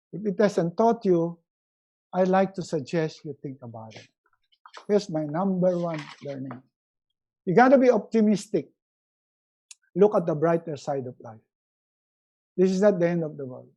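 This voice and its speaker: Animated motivational coach, warm voice. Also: male voice, sits high. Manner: animated, acts out quoted scenes in a raised voice. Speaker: resiliency coach. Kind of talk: live motivational webinar talk.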